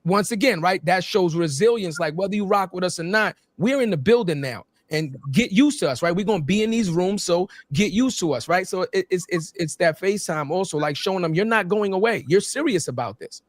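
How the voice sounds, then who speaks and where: A man's voice: high voice, expressive, a little fast, hardly any pauses, dry recording. A man hosting a podcast, talking in a loose, profane, emphatic way as he tells stories. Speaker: podcast host. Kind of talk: casual podcast conversation.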